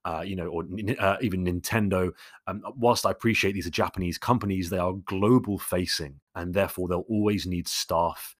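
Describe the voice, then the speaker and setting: Low-voiced man answering questions. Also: no echo, clean studio sound. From London. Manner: conversational, many fillers and restarts. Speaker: YouTube host answering viewer questions. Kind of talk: casual Q&A monologue.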